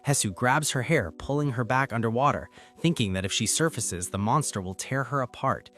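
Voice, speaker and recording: A man's voice: medium pitch, moderate pace. Man narrating a comic recap over faint music. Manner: steady storytelling. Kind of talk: scripted narration.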